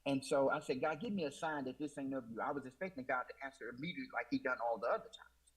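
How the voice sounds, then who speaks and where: A man's voice: medium pitch, quick pace, slightly rough, poor audio. A man telling his personal faith testimony in an emotional, repetitive storytelling way, often quoting himself with "I said.". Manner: emotional, repeats "I said", Southern US Black church speech. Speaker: guest.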